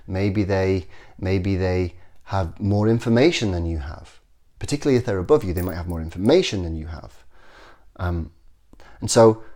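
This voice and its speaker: A man's voice: fairly low pitch, dark tone. A middle-aged man hosting a self-development video, talking casually and earnestly to camera, often repeating himself and acting out short sample conversations. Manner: earnest, repeats phrases, acts out example dialogue.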